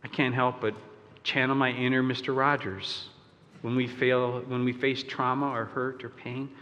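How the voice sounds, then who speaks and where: A man's voice: medium pitch, little pitch movement, normal speed, a bit bright, highs cut off. A male pastor preaching a sermon, talking in a loose, conversational way with fillers and asides, and leading his congregation in song. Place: church sanctuary. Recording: long church reverb.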